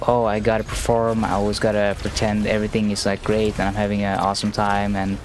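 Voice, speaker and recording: A man streaming a game live, chatting in a slow, monotone, rambling way with many restarts. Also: on the low side. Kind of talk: casual live-stream chat while gaming.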